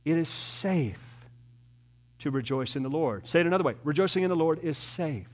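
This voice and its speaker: A pastor delivers an earnest sermon to his church, building up and then dropping into soft, slow emphasis. His voice sits in the mid range.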